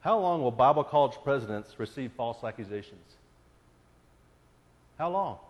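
A man preaches a sermon at medium pitch and normal speed, animated in delivery, though the audio sounds dull and carries a long hall reverb. He speaks earnestly, building to pleading intensity on repeated questions.

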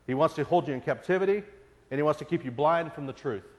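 Earnest preacher in a reverberant hall. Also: male voice, on the high side, quick pace, muffled recording. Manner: earnest, rising to pleading intensity on repeated questions. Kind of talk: sermon.

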